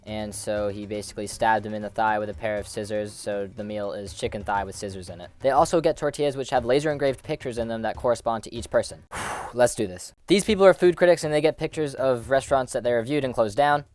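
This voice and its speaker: A man's voice: medium pitch, a little mellow, faint music behind. A man narrating a comedic movie recap, sarcastic and profane. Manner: sarcastic, profane, rapid-fire.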